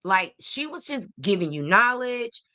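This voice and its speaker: A woman's voice: a little high, sing-song, a little slow, bright, forceful tone. A woman hosting a celebrity gossip podcast, sassy and opinionated, talking straight to her viewers. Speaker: podcast host.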